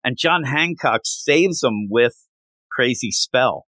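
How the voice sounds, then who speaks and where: A man co-hosting a podcast, chatting casually in an animated, rambling, joking way. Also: mid-range voice, slow, no room sound. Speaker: podcast co-host. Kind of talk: casual chat.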